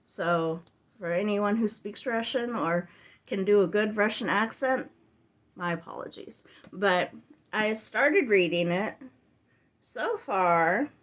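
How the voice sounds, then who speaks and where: A book vlogger with a medium-pitched, expressive voice and measured pace gives a casual reading update on her channel. She's chatty and rambling, full of tangents and filler words, and turns exasperated when complaining.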